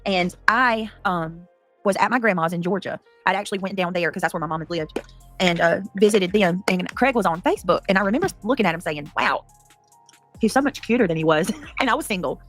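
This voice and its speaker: A woman's voice: fairly low pitch, brisk, a bit bright, faint music behind. A woman in her thirties chatting casually on a livestream, rambling through a personal story, breaking off to react to chat and cussing freely. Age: 30s.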